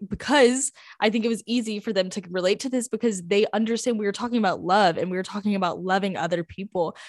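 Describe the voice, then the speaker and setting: A woman's voice: mid-range voice, dry recording, clean studio sound. An eighteen-year-old woman co-hosting a faith podcast, talking casually and earnestly with many "like" and "um" fillers. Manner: earnest, chatty, with frequent "like" and "um" fillers. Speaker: podcast co-host.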